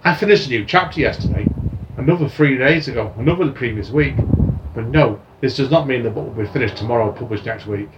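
A man's voice: medium pitch, fast, dull audio, noisy background. A man hosting a casual podcast, reading out news items in a chatty, rambling way. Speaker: podcast host.

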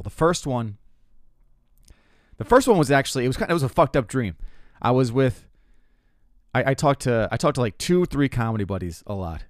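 Rambling, profane young comedian. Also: male voice, medium pitch, dry recording, clean studio sound. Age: 20s. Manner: rambling, profane, self-mocking storytelling with frequent restarts. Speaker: comedian podcast host. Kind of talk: casual comedic monologue.

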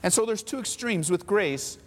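A man preaching a sermon as a pastor, lively and acting out mocking voices of others. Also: high-pitched, normal speed, long reverb tail.

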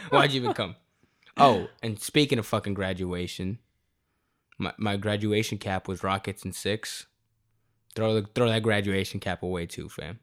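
A man's voice: on the low side, a little slow. Profane, slangy young man in casual chat. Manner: animated, profane, slangy storytelling.

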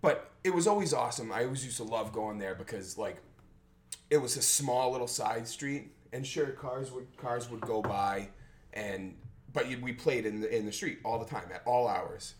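A man's voice: medium pitch, normal speed, a little hiss or hum. Swearing man telling stories. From Massachusetts. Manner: swearing, rambling storyteller; acts out quotes loudly. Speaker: podcast host. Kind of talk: casual storytelling chat.

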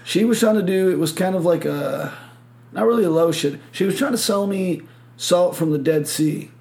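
A man's voice: sits high, moderate pace, vocal fry, a little mellow. A man from Michigan hosting a podcast, telling a rambling story full of swearing and acted-out quotes. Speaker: podcast host. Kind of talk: casual chat.

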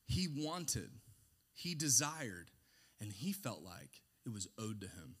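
A man preaching a sermon, animated and sarcastic, swinging between hushed asides and shouted points. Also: a little high, measured pace.

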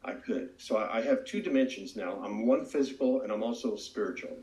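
A man's voice: mid-range voice, brisk, darkish tone. A man giving an earnest, reflective personal testimony as a recovery speaker. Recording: roomy echo.

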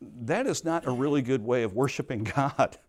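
A man's voice: medium pitch, normal speed. A middle-aged man teaching a Bible study at a Christian camp, earnest and conversational, with plain storytelling asides.

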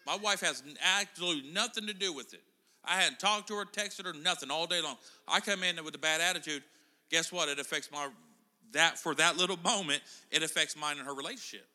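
A middle-aged preacher gives an informal sermon, talking and joking with the people in the pews. His voice is on the high side and sharp, moving fairly quickly, and the church hall adds reverb.

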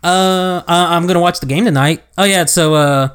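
A young man, co-hosting a podcast and retelling a story with animated, quoted dialogue. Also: high voice, normal speed, smooth. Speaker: podcast co-host. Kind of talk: casual chat, storytelling.

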